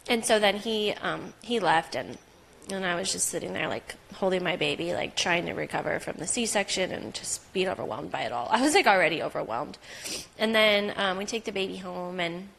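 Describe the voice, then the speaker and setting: A woman's voice: fairly low pitch, animated, moderate pace, vocal fry, a bit bright, slight background noise. A young woman candidly telling a personal story as a podcast guest, with frequent fillers and heartfelt asides. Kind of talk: personal story in casual interview.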